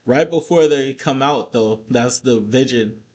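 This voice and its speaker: A man's voice: mid-range voice, unhurried, lo-fi sound. A man recapping a wrestling show in a casual vlog, cursing freely and breaking into heated rants. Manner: profane, ranting, animated asides.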